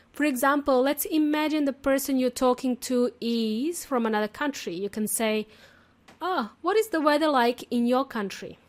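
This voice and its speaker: A woman hosting a casual English lesson podcast, chatty and talkative, laughing often as she explains. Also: high-pitched. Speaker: podcast host and English teacher. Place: lives in Australia.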